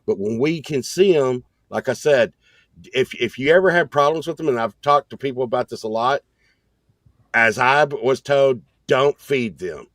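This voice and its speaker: A man in casual podcast chat, spinning animated, rambling stories. His voice sits at a middle pitch, and the sound is dry and close to the mic. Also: moderate pace, dry recording. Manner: animated storyteller, excited and rambling. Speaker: podcast co-host.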